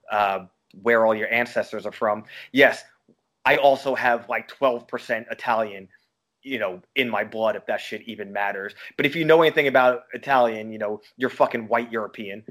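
A man from Long Island co-hosts a podcast and rants freely, swearing as he riffs. His voice sits at an ordinary middle pitch for a man. The talk is loose, casual chat. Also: a bit bright. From Long Island, New York. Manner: profane, ranting, riffing. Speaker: podcast co-host.

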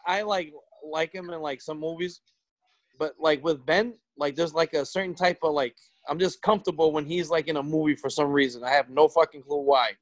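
Slightly high-voiced man, hesitant chat. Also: steady tone, a little fast, no room sound. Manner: hesitant, many fillers. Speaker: podcast co-host. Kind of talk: casual chat.

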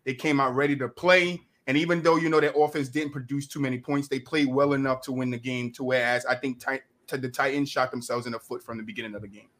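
A man's voice: mid-range voice, steady tone, fast talker, few pauses, fairly bright tone. A man from New Jersey with a New Jersey accent, a guest on a sports podcast talking casually and with emphasis.

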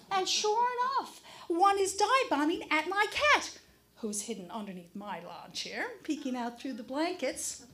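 A middle-aged woman telling a funny personal story on stage to a live audience, animated and acting out the crows' caws. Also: extremely high pitch, normal speed. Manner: animated, mimics crow caws.

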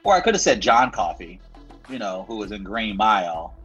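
A male co-host with a fairly low voice delivers mock-serious comic bits in a flat, dry way. Faint music sits under the conversation. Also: normal speed, lo-fi sound. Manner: deadpan absurd storytelling. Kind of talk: comedic talk-show bits.

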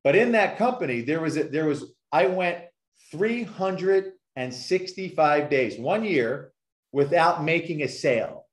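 A man's voice: on the high side, animated, a little slow. A man who is a success coach, telling his story as a guest on a podcast in an emphatic way and repeating points for effect. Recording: echoey room.

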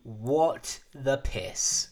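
A man co-hosting a casual film-review podcast. He jokes and swears as he tells the story, with lively bursts of energy, in a mid-range voice. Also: mid-range voice, extremely slow. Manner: animated, sweary, jokey storytelling. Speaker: podcast co-host.

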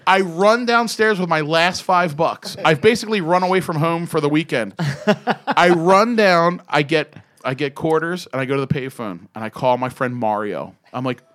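A man in his fifties telling an excitable, profane story in a casual podcast chat. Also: on the high side, moderate pace. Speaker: former BMX rider telling a story.

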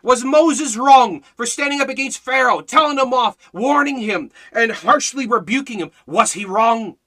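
A man delivers a fiery sermon at normal speed, hammering rhetorical questions. He swings between loud exhortation and low, intense emphasis.

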